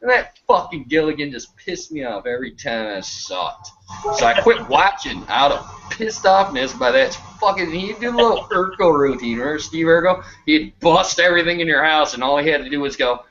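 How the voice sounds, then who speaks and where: A man's voice: on the high side, very animated, moderate pace. Brash profane man ranting on a muffled call. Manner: loud, profane, boastful, swings between shouting and muttering. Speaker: guest on a live online show. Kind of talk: crude ranting chat. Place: online video hangout. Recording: muffled lo-fi online call audio with faint hiss.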